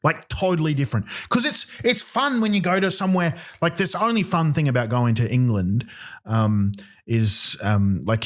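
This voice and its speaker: A man hosting a comedy podcast, delivering a profane, rambling solo rant with many ums and restarts. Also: mid-range voice. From Australia.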